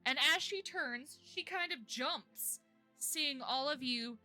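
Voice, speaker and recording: A woman's voice: high-pitched, takes it slowly, bright, forceful tone, faint music behind. A woman narrating a tabletop game as game master, casual and often laughing.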